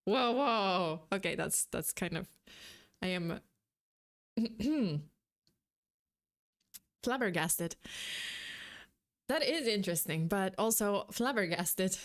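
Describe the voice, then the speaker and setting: A young woman streaming a reaction video, reading and thinking aloud in a giggly, excitable way. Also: mid-range voice, measured pace. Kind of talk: casual reaction commentary.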